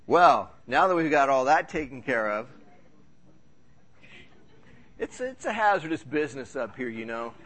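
A man's voice: mid-range voice, very animated, normal speed, fairly bright tone. A man preaching a sermon as pastor in a church service, talking in a conversational, joking, storytelling way.

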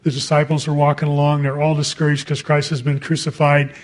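A man's voice: a little high, completely flat delivery, fairly quick. A man preaching a sermon in a conversational way, reading scripture and adding casual asides.

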